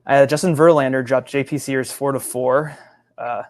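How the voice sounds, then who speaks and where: A man guesting on a fantasy baseball podcast, talking in an easygoing, halting way. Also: medium pitch, steady tone, no echo, clean studio sound. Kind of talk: casual fantasy baseball chat.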